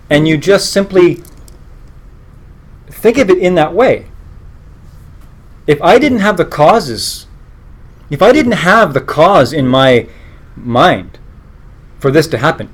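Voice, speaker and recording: A man with a slightly high, sing-song voice leads a live meditation class at a measured pace, pausing often, with a breathy edge. He speaks earnestly and conversationally, cutting himself off to restart sentences and slipping in joking asides.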